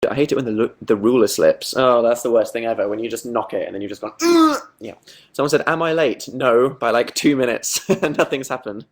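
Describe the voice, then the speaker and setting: A man's voice: mid-range voice, fairly quick, gravelly. A young man chatting casually on a livestream, reading out viewer comments with self-mocking asides. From Britain. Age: young adult. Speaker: livestream host.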